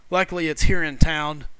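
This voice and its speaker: Friendly missouri guy streaming, kinda high bright voice, chatty. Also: a little slow, clear, resonant tone, no echo. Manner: chatty, friendly, reads viewer comments aloud. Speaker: streamer hosting a live game stream. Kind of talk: casual live-stream chat.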